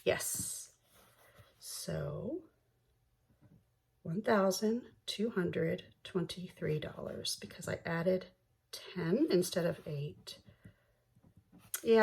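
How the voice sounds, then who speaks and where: A woman hosting a budgeting vlog, slowly counting bills aloud in a soft ASMR style, bubbly and self-deprecating between counts. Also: lowish voice, breathy edge. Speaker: budgeting channel host.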